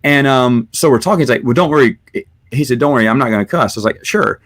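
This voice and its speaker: A man hosts a relaxed online talk show from home over a video call. His pitch sits in a middle register, and he rambles through stories with restarts and acted-out quotes. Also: fast. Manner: rambling storyteller, lots of restarts and quoted asides. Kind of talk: casual chat.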